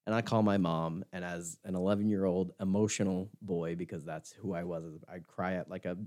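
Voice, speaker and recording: A man's voice: low-pitched, a little fast. Laughing young man telling a story. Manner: animated storyteller, acts out quotes, laughs often. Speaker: podcast co-host. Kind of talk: casual chat, telling a story.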